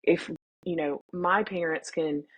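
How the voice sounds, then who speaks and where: A woman's voice: lowish voice, fairly even intonation, a little slow, a little hiss or hum. A young woman guest speaking candidly and with feeling in a casual interview, often acting out what her family said. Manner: candid and emotional, reenacting family dialogue. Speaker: podcast guest.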